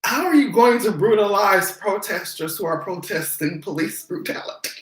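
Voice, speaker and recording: A vlogger ranting in casual commentary, profane and sarcastic, now and then slipping into high mocking voices. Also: animated, moderate pace, reverberant, poor audio.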